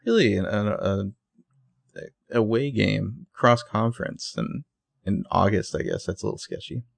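A man co-hosting a casual recap chat, animated and sarcastic, jumping into high, loud voices when quoting characters. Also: moderate pace, vocal fry, no room sound. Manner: profane and sarcastic. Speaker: podcast co-host.

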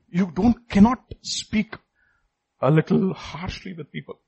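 Husky high-voiced man preaching. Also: a little slow, darkish tone, poor audio. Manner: emphatic, repeats phrases, questions the congregation. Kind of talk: sermon.

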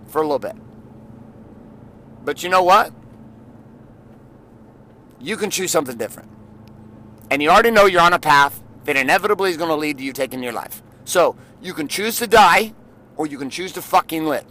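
A middle-aged man giving an intense, blunt motivational monologue, swearing often and rising at times to shouting. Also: on the high side, expressive, fairly quick, pauses often. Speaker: motivational podcast host.

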